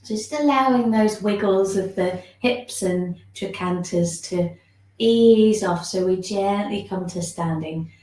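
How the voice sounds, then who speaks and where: Slow, soothing woman guiding a class. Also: fairly low pitch. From England. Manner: gentle, soothing instructions with frequent yawns. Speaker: shiatsu and movement teacher. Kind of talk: guided online movement class. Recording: echoey room.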